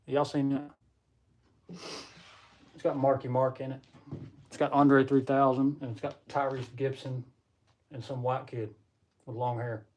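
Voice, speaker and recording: A man's voice: medium pitch, level tone, measured pace, long pauses, a little mellow, a little hiss or hum. A man hosting a casual live stream, rambling and chatting with viewers as he reads their comments. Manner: rambling, chatty, laughs often; talks to viewers while reading comments. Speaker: livestream host.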